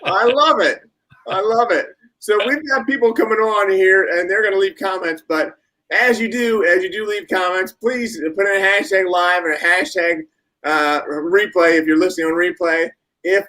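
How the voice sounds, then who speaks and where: A man hosting a live online show speaks in a bright, slightly high voice. He keeps an upbeat tone, moving between quick reactions and reminders to his audience. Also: rough recording. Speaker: host.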